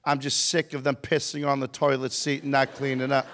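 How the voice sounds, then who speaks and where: A man's voice: mid-range voice, level tone, a little fast, fairly bright tone, in a large hall. A man giving a comedic motivational talk to a youth audience, playful and teasing with the crowd. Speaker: motivational speaker.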